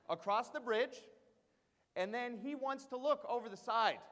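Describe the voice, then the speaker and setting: A man in his thirties giving a storytelling presentation to teachers, animated and full of "uh" fillers and questions to the audience. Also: extremely high pitch. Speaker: keynote speaker at teacher training. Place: large hall before an audience. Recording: long hall reverb.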